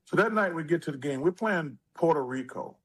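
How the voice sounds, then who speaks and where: Older guy spinning big stories in an interview, pitch sits a bit high for a man, acts out all the quotes. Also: a little fast, slightly rough, rough recording. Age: 60s. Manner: animated storyteller who acts out quotes. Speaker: interview guest, former basketball player. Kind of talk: storytelling interview.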